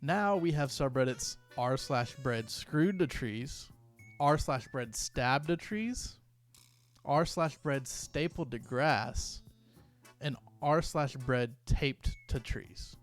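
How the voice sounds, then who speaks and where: Young male YouTuber, mid-pitched, rambling comedic commentary with stumbles, faint music underneath. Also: slow pace. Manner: rambling, self-interrupting, reads posts aloud.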